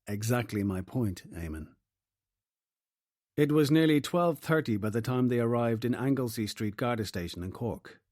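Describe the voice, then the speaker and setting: A man reading a crime novel as narrator in a steady, even manner. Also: mid-range voice, brisk, hardly any pauses, no echo, studio quality. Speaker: audiobook narrator. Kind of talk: scripted narration.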